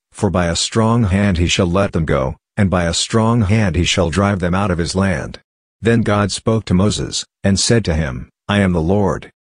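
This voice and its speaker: A man reading the Bible aloud in a steady, measured way. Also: low voice, no room sound, clean studio sound. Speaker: Bible reader.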